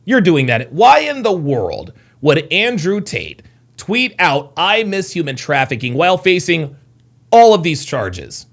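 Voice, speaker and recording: A man's voice: on the high side, wildly swooping pitch, a little slow, creaky. A man hosting a live reaction show, heated and exasperated, cursing and repeating himself as he argues with a clip. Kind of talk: animated reaction commentary.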